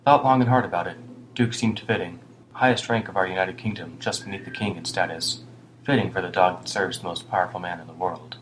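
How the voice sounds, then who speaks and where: A man's voice: sits low, fairly quick, background noise, close to an everyday voice. A man doing a weary, rambling homeless man. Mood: rueful. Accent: British. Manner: rambling, rueful, muttering at times. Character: weary homeless British man, older, rambling and self-reproaching.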